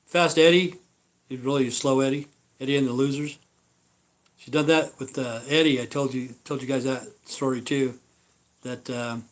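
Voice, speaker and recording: A man hosting a live stream, telling stories in a meandering, profane way. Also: mid-range voice. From Idaho. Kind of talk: rambling casual live-stream chat.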